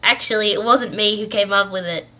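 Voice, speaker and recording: A woman's voice: mid-range voice, a little fast, sharp tone, natural voice. An Australian woman voicing a giggly, mischievous young woman who tattles on a friend. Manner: giggling, playful.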